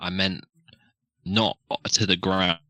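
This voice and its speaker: A man's voice: sits low, fairly even intonation, slow pace, pushed and bright, no echo. A man player in a live tabletop game, making wry remarks. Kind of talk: casual live game banter.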